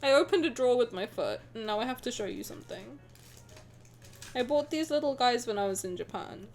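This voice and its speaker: A young woman streams her reaction to a game in a high, very animated voice. She talks casually, laughs often and swears freely. Her excitement runs all through her commentary. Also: a little fast, faint music behind.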